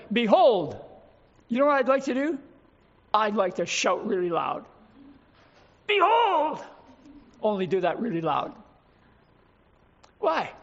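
A man with a strikingly high voice delivers a sermon, lingering over each phrase of scripture and firing rhetorical questions. His pitch rises and falls with lively emphasis as he speaks slowly. The recording sounds dull, with a long hall reverb. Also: gravelly. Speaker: preacher.

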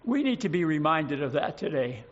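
A man preaching a sermon, earnest and emphatic, slowing down to stress scripture verses. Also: on the high side, big pitch swings, muffled recording.

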